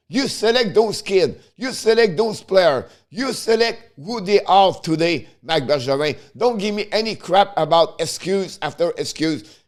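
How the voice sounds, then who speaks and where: Frustrated hockey commentator with tinged English. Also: male voice, fairly high pitch. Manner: heated, frustrated, repetitive, broken English phrasing. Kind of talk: ranting fan commentary.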